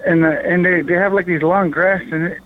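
A podcast guest from Alaska with a high voice talks briskly over a tinny, phone-like line. His story rambles in casual, animated fashion, with occasional swearing and impressions of what other people said.

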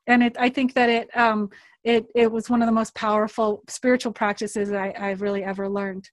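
A woman's voice: fairly high pitch, level tone, a little fast, dry recording. A woman talking as an interview guest, candid and casual, swearing freely and laughing often. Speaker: guest, author of a card deck.

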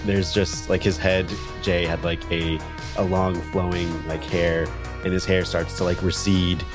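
A man with a very low voice, playing a tabletop game. He talks in a loose, slangy way packed with fillers as he describes his character. Clear music plays behind him. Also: little pitch movement, unhurried. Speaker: player. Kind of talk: casual tabletop play.

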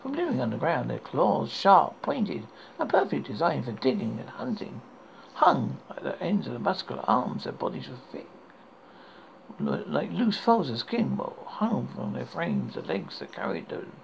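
A man hosting a horror podcast, reading a dark story aloud with stumbles and restarts. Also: medium pitch, creaky. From United Kingdom. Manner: stumbling, self-correcting reading. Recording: dull lo-fi recording with faint hiss.

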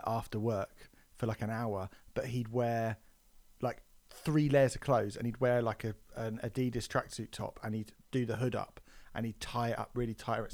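A man's voice: medium pitch, a little mellow. A man hosting a podcast in casual chat, telling stories with mock outrage and plenty of swearing. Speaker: podcast host.

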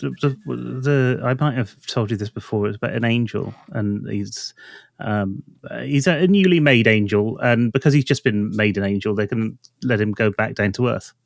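A man's voice: fairly low pitch, normal speed, vocal fry, no echo, clean studio sound. A man co-hosting a podcast, explaining ideas in a rambling, thoughtful way. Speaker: podcast co-host. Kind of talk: casual chat.

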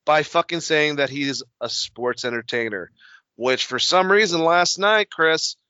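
A man hosting a podcast, talking in a rambling, animated way and swearing often. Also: on the high side, no echo, lo-fi sound. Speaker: podcast host. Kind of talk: casual wrestling talk.

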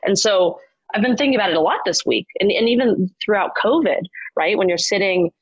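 A woman's voice: mid-range voice, lively intonation, brisk, husky, no echo. A woman in her thirties, a startup founder telling her story candidly, with lots of "like" and restarts. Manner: chatty, frequent "like" fillers and restarts. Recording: muffled lo-fi audio.

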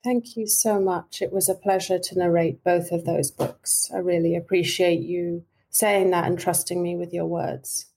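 Woman from Britain, actress guest, mellow lowish voice, thoughtful, uses fillers. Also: flat delivery, normal speed, few pauses. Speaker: guest, actress and audiobook narrator. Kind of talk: interview conversation.

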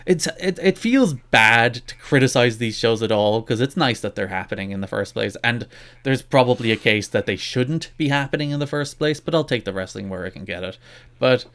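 A man's voice: mid-range voice, expressive, fairly quick, fairly bright tone. A man co-hosting a casual wrestling podcast, rambling and self-deprecating with lots of restarts. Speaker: podcast co-host.

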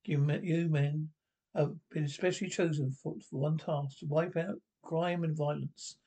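A man reading the part of a blustering police commander, giving a brisk speech with stumbles. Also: fairly high pitch, fairly even intonation, dark tone, slightly rough. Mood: rousing. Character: blustering male police commander addressing his men.

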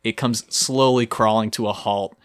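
A man's voice: lowish voice, steady tone, moderate pace. A young man co-hosting a podcast, telling a story vividly and playfully in casual chat. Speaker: podcast co-host.

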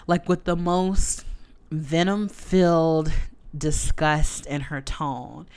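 A woman's voice: sits low, slow pace, a little mellow, clear, resonant tone. A young adult woman hosting her own podcast, telling a personal story in a chatty, candid way with frequent asides. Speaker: podcast host. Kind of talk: casual solo podcast storytelling.

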